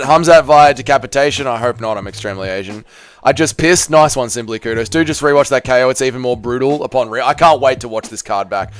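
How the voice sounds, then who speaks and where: A young man hosting a fight-night watch party stream, chatting casually, swearing freely and bursting into excited shouts. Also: mid-range voice, smooth. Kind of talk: casual live-stream chat reading comments.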